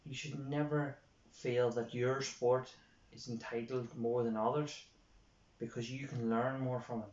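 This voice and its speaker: A man's voice: medium pitch, fairly even intonation, unhurried, a little mellow. An Irish man coaching others, talking earnestly and repeating his points for emphasis. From Ireland. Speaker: youth sports coach. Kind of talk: informal coaching talk. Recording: roomy, dull lo-fi sound.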